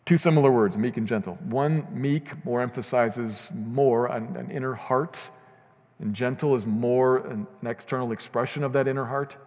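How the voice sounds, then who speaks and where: A man's voice: medium pitch, moderate pace, darkish tone. A man preaching a sermon as pastor, earnest and building to fervent emphasis. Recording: long reverb of a church hall.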